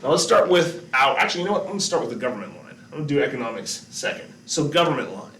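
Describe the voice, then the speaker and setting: A man teaches a lesson in a loose, chatty way, quizzing his students and cracking small jokes as he goes. His voice is bright and carries some edge. He sounds a little distant from the mic, in an echoey room with a faint hum behind him. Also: medium pitch, very animated, rapid-fire.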